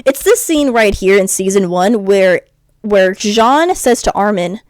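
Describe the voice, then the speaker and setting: A young woman ranting casually in a vlog, animated and chatty, swearing freely. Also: mid-range voice, a little slow, no echo. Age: young adult. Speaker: YouTuber.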